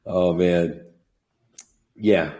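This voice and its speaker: A man's voice: low-pitched, drawn-out words, dark tone, slight background noise. A man hosting a podcast over a video call, chatting casually in an upbeat, joking and encouraging way. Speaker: podcast host. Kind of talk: casual chat.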